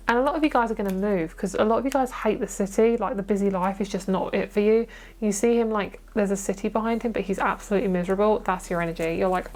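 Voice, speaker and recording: A woman's voice: mid-range voice, brisk. A woman giving a casual, chatty pick-a-card tarot reading, gushing and swearing casually as she goes. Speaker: tarot reader.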